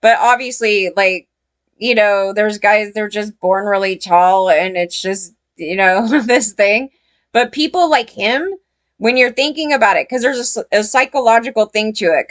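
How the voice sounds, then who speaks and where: A woman ranting in casual commentary, blunt and profane, rambling with lots of fillers, her pitch jumping when she gets outraged. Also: a bit bright.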